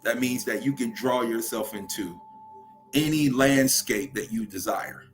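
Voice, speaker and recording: With soft music playing behind him, a young man from Louisiana speaks in a Southern accent at a measured pace, his voice mid-range. His spiritual livestream talk is preachy, and he keeps asking viewers "right?" to check in with them.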